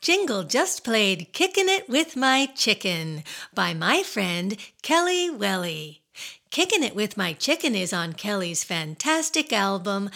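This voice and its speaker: A woman hosting a children's radio show, talking playfully and singing slowly to small kids. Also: mid-range voice, vocal fry. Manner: slow, sing-song, animated talk to kids.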